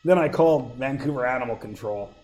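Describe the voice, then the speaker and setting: A man's voice: mid-range voice, a little fast, a little mellow, poor audio. A middle-aged man teaching math to a class, with a sore throat, asking the students question after question. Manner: questioning, prompts students for answers. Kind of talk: classroom lecture.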